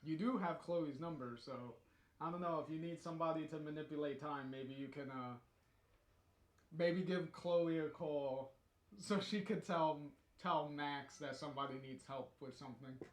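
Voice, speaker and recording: A man's voice: on the high side, normal speed, echoey room. A man casually chatting about the story being read, rambling and hesitant with lots of fillers and chuckles. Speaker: co-host commenting on the story. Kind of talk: casual commentary.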